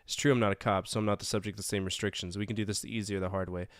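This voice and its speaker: A man's voice: on the low side, steady tone, rapid-fire, no room sound, clean studio sound. A man playing a detective game, reading its narration aloud and adding wry comments. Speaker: let's-play streamer.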